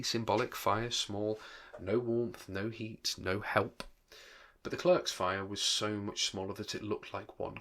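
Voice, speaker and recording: A man's voice: on the low side, sharp tone. A male teacher, reading a novel aloud and breaking off into conversational explanations. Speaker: English teacher. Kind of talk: read-aloud with rambling commentary.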